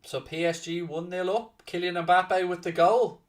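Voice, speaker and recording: A man hosting a live football watchalong, chatting casually to viewers and breaking into loud excited shouting. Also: sits high, measured pace, distant mic. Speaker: watchalong host and commentator. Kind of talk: casual live match commentary.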